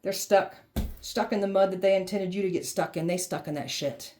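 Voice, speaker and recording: A woman's voice: mid-range voice, fairly quick, noisy background. A woman giving a blunt tarot reading, sassy and heated, swearing freely and mocking the people she describes. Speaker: tarot reader.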